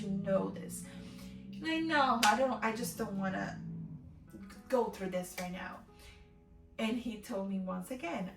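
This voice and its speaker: A woman's voice: medium pitch, creaky, fairly bright tone, recorded from a distance. A woman telling a personal faith testimony in a vlog, emotionally acting out what she said and thought. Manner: emotional, acts out her own quoted words. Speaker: faith vlogger. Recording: roomy echo, voice from off-mic, faint music.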